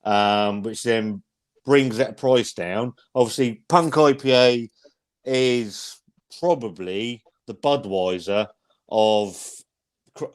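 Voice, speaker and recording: A man's voice: lowish voice, slow pace. Blunt sweary man chatting about beer. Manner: blunt, sweary, rambling with restarts. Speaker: host. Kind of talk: casual livestream beer chat.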